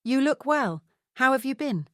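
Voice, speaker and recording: A woman's voice: high-pitched, lively intonation, normal speed, no echo, studio quality, voice pushed up. A woman doing a fussing mum in her seventies. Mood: fond. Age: 70s. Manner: fussing, motherly. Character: warm older mother, fussing.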